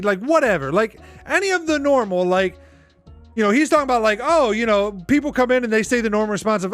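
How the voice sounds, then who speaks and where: A man's voice: very high voice, lively intonation, quick pace, a bit bright, faint music behind. A man hosting a podcast, giving rambling, exasperated commentary full of "like". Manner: rambling, exasperated, heavy use of "like". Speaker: podcast host. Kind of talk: casual reaction commentary.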